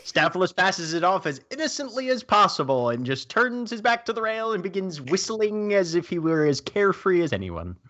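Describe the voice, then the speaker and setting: A man at a tabletop game describes what his character does, speaking of him in the third person with a playful touch. His pitch swings widely from line to line, and it sits somewhat high for a man. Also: big pitch swings, fairly quick, few pauses, sharp tone, muffled recording. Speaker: player.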